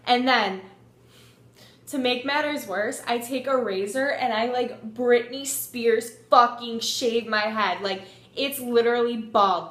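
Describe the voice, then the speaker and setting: Young woman vlogger, fairly high voice, animated sweary storytelling, roomy echo. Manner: animated, swears freely, lots of "like". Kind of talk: casual storytelling.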